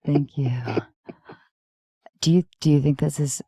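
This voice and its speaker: A woman's voice: low-pitched, flat delivery, a little slow, warm tone, breathy edge, no echo. A woman hosting a podcast, chatting casually into a close microphone, playful and rambling, often laughing. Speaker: podcast host. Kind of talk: casual chat.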